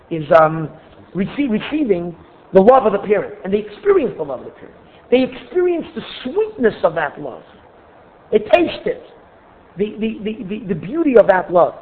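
A man giving a spoken teaching, explaining step by step and asking himself rhetorical questions. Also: sits high. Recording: tinny phone-like audio.

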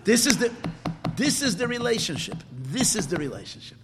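High, animated man teaching Torah. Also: brisk, long reverb tail, noisy background. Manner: mixes Hebrew and Yiddish terms into English, emotional, swings from quiet to loud. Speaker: rabbi teaching a class. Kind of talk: Torah class.

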